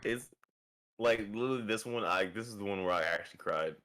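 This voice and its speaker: A man's voice: lowish voice, fairly quick, a bit bright. A man co-hosting a casual chat show, laughing and acting out quotes as he retells scenes. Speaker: podcast co-host.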